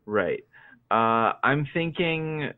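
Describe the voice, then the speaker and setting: A man who runs the game, chatting casually in a relaxed, joking way and stumbling over his words. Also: medium pitch, drawn-out words, smooth. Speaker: game master. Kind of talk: casual chat. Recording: tinny phone-like call audio.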